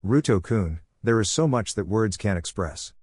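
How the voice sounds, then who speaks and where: A man's voice: on the low side, lively intonation, normal speed, a little mellow, breathy edge, no echo, studio quality. A man voicing a headstrong young woman reading her wedding vows in a plain storybook manner. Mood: tender.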